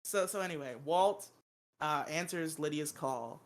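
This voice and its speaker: A man's voice: on the high side, measured pace. A man hosting a casual movie review podcast, who laughs a lot and swears freely as he recaps the plot. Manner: laughs often, swears casually, acts out quotes. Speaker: podcast host.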